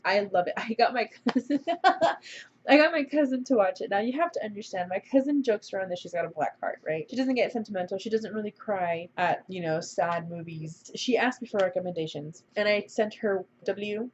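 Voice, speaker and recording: A woman's voice: mid-range voice, darkish tone, slight background noise. A young woman casually reviewing a drama on her channel, gushing and emotional as she chats. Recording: slightly dull lo-fi recording.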